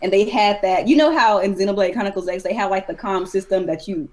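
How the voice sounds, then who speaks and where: A woman hosting a casual gaming podcast, talking in a chatty, animated way and sounding exasperated at times. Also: mid-range voice, quick pace. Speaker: podcast host.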